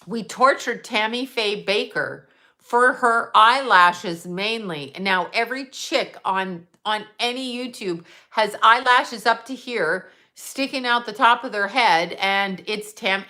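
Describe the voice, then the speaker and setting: A woman hosting a casual livestream, telling rambling, animated stories with blunt, profane asides. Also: medium pitch. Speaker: psychic medium livestream host. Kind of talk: casual live-stream chat.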